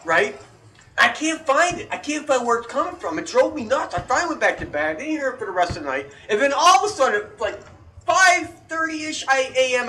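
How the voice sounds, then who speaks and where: Bright-voiced guy ranting a story, cussing, heard from a bit far off. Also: extremely high pitch, brisk. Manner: profane, animated storyteller, shouts quoted outbursts. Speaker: podcast co-host. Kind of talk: casual storytelling chat.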